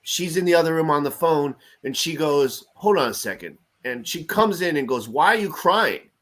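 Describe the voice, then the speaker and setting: A man co-hosting a casual fan chat show, telling stories with animated swings and frequent laughs. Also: on the high side, moderate pace. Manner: animated storytelling, laughs often. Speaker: podcast host.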